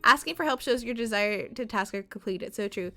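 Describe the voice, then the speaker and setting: A woman's voice: on the high side, fairly quick, bright, forceful tone. A woman streamer chatting casually while playing a game, rambling and acting out her own and others' lines.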